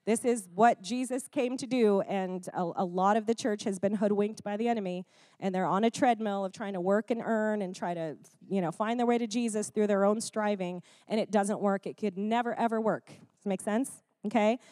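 A woman preaching a sermon, animated and chatty, often checking in with the congregation with quick "Amen? Okay?" asides and laughing now and then. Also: mid-range voice, no echo, clean studio sound.

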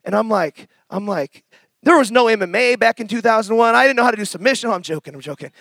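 A middle-aged man preaching a testimony sermon, telling his story with passion and bursts of shouting, then reading scripture slowly and softly. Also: high-pitched, lively intonation, gravelly, no room sound.

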